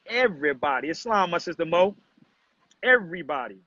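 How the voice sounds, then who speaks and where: Male streamer, high pitch, confrontational and preachy, dull lo-fi sound. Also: animated, a little fast, bright, forceful tone, no echo. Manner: preachy, confrontational, addresses chat as family. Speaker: livestream host. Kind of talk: casual livestream talk to viewers. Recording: dull, muffled lo-fi livestream audio.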